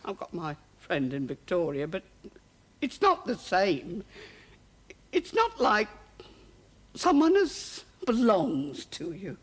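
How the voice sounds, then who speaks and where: An actress playing a strict middle-aged cook in a great house, speaking in a husky, halting voice. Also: female voice, medium pitch, big pitch swings, full character voice. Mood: grieving. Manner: defensive then grieving, broken speech. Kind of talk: period television drama.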